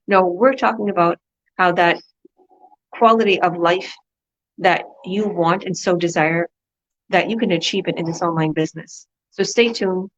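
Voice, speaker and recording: Woman coach hyping people up, keeps repeating stuff, kinda muffled sound. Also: fairly low pitch. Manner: upbeat and preachy, repeats herself. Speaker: business coach and host. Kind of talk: motivational online talk.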